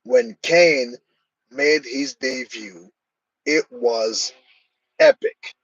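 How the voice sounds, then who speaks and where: A man's voice: medium pitch, big pitch swings, extremely slow, gravelly, breathy edge, no echo, lo-fi sound. A man hosting a live stream, chatting casually and answering viewers' comments by name.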